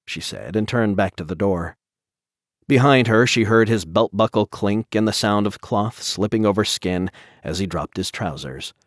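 A man narrating a dark story as an audiobook, in a measured, even storytelling manner. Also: on the low side, dry recording, studio quality.

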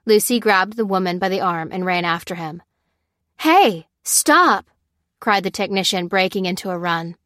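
A woman narrating a story in a steady, even storytelling manner. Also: fairly low pitch, a little fast, hardly any pauses, no echo, clean studio sound. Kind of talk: scripted narration.

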